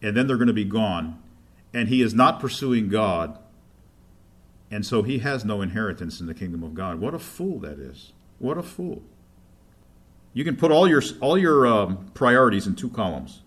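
A man preaching a sermon, reading scripture aloud louder and slower, then dropping to quiet asides. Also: on the low side, lively intonation.

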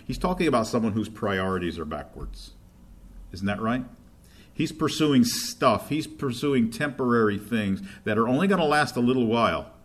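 A man preaching a sermon, reading scripture aloud louder and slower, then dropping to quiet asides. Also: on the low side, lively intonation.

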